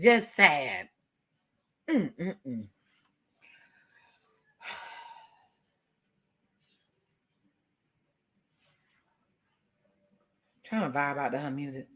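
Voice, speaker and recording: A woman vlogger giving a casual, sassy recap rant with animated delivery and laughing asides. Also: low-pitched.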